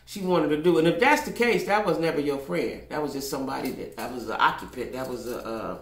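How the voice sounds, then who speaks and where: A woman's voice: low-pitched, fast, creaky. An older woman giving blunt, profane commentary in a casual vlog, repeating herself for emphasis. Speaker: vlogger. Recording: echoey room.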